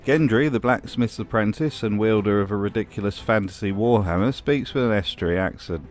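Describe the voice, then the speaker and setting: A man's voice: lowish voice, a little fast, darkish tone, faint music behind. A man hosting a scripted commentary voice-over in a sardonic, mocking way. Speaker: host.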